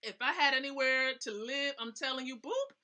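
A woman's voice: sits high, steady tone, fairly quick, sharp tone. A woman hosting a casual live stream, giving chatty, emphatic tips and often checking in with her viewers. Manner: chatty, emphatic, asks the audience questions. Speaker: host.

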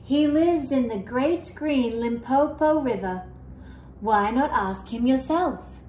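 A woman voicing a calm, friendly male snake in a storybook, speaking low and steadily. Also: takes it slowly, echoey room, slight background noise.

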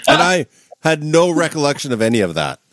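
A man's voice: on the high side, sing-song, a little fast, fairly bright tone, no echo, studio quality. A man co-hosting a podcast over a video call, telling a wild story with lots of swearing and laughter. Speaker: podcast co-host. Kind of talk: casual chat, storytelling.

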